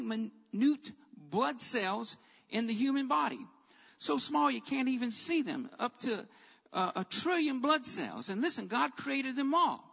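A man preaching a sermon as a Bible teacher, with an emphatic, repetitive cadence that rises to shouts. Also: extremely high pitch, gravelly, long reverb tail, lo-fi sound.

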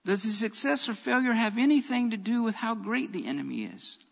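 With lively intonation and a fairly quick pace, a man with a strikingly high, gravelly, fairly bright voice preaches, repeating key phrases to press his points. Long reverb rings around him as if in a church, and the sound is dull and lo-fi.

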